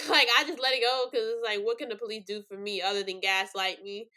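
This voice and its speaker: A woman's voice: medium pitch, steady tone, fairly quick, sharp tone. A young woman hosting a true-crime podcast, rambling with many fillers and choked up, near tears. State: tearful. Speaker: podcast host.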